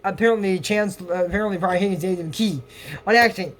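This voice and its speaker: A man's voice: high-pitched, fast talker, fairly bright tone. A man casually retelling a cartoon episode, with lots of restarts and fillers and little asides to his viewers. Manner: rambling retelling with fillers and restarts, half-acts quotes. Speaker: YouTube episode recapper.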